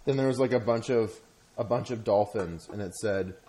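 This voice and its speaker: Man, lowish voice, casual chat, rambling, halting, swears a lot. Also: mellow, slight background noise.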